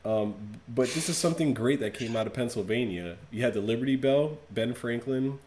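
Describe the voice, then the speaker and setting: A man's voice: mid-range voice, fairly quick, a little mellow, a little hiss or hum. Profane ranting man on a podcast. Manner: profane, ranting, mock-outraged. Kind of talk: casual podcast chat.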